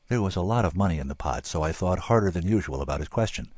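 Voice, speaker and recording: A fairly low-voiced man narrating a story with a husky timbre and a lively, rising and falling pitch. Wry and dry in delivery, recorded close with no room sound. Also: fast talker, few pauses, no room sound. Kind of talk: audiobook narration.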